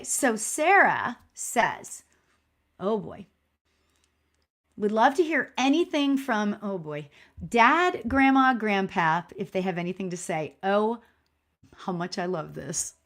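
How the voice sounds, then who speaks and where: A woman working as a spiritual medium, giving a live online reading in a chatty, encouraging way with lots of "you know" fillers. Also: fairly high pitch. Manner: warm and encouraging toward viewers.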